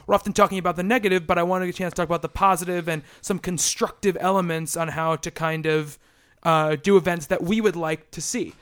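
Male podcast host, high pitch, chatty, quick, joking. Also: steady tone, fairly bright tone. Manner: quick, joking, filler-heavy delivery. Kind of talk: casual podcast chat.

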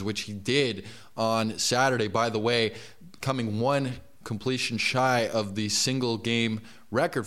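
A man's voice: medium pitch, fairly bright tone. A man co-hosting a fantasy football panel, confidently defending his bold picks in casual chat. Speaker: fantasy football analyst co-host.

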